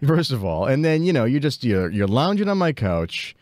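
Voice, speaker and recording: A man co-hosting a podcast in a relaxed, ribbing chat. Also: medium pitch, moderate pace, no echo, studio quality. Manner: easygoing, ribbing the host. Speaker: podcast co-host. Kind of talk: casual chat.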